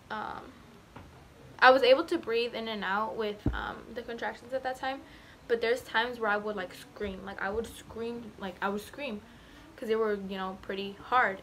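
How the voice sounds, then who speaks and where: A woman's voice: medium pitch, fairly bright tone. Young woman, late teens, casual vlog storytelling, rambling, faint background hum. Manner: rambling, repeats herself, lots of "like". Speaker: vlogger.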